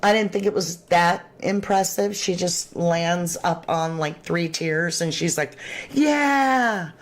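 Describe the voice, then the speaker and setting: A woman with a drawl hosts a true crime livestream, greeting viewers and reacting to their comments. Her voice sits a little low, and she speaks loosely, with plenty of slang. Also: measured pace. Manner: chatty, animated, Southern-tinged slang. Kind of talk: casual livestream chat reading viewer comments.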